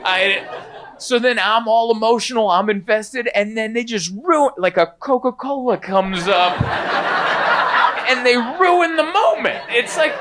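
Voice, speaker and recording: A young man performing a stand-up comedy set, telling a rambling, animated story with lots of fillers. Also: very high voice, a little slow, a crowd in the background.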